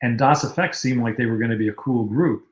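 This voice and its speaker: A man in casual conversation, recounting old stories in a relaxed, rambling way, with fillers. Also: medium pitch, quick pace. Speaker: guest, music video director. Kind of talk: casual storytelling on a livestream. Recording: roomy echo.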